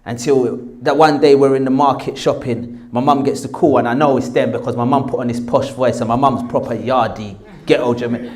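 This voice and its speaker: A man with a medium-pitched voice speaks briskly, with hardly a pause, as he tells a story from his past. He's an English actor in his forties with a South London accent who animatedly plays out the characters he quotes.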